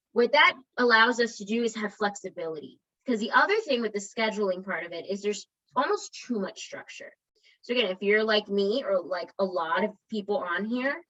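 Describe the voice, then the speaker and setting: A woman's voice: mid-range voice, fairly bright tone, muffled recording. A woman wellness coach giving a conversational motivational talk to an online group, encouraging and often checking in with her listeners.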